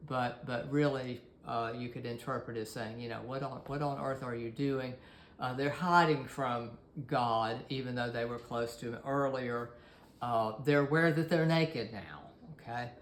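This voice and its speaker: Guy lecturing a class, slow and umming a lot, roomy echo, faint hiss. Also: mid-range voice. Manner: hesitant, many fillers and restarts. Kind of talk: recorded course lecture.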